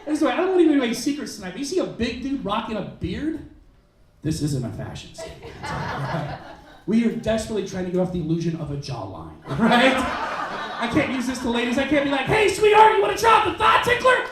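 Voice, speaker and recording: Animated stand-up comic man, echoey club. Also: high-pitched, far from the mic, crowd noise. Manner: animated, acts out characters in quick bits. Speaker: stand-up comedian. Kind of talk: stand-up comedy set. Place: comedy club stage. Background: audience laughter.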